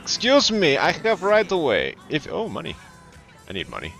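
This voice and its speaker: A man from California chatting casually and swearing freely while streaming a game, now and then slipping into loud mocking voices. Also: on the high side, normal speed, gravelly, faint music behind. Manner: animated, profane, slips into loud mocking voices. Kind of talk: casual gaming commentary.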